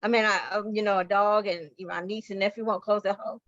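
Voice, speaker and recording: A woman patient panelist speaks frankly and reflectively in a mid-pitched voice. Her audio is dry and close, with a dull, lo-fi quality. She speaks over a video call. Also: fairly even intonation, fast talker, fairly bright tone, no echo. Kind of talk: personal testimony on a panel.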